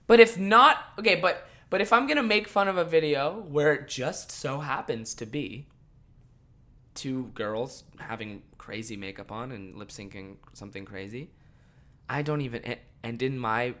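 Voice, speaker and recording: A young man hosting a podcast, ranting casually and swearing a lot, swinging from mumbled asides to loud exasperated outbursts. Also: mid-range voice. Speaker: podcast host.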